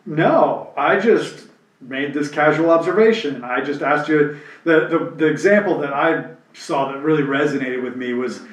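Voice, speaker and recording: Candid male co-host, reflective storyteller, higher voice, set back from the mic. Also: normal speed, roomy sound, distant mic, poor audio. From New Jersey. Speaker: podcast co-host. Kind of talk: casual chat.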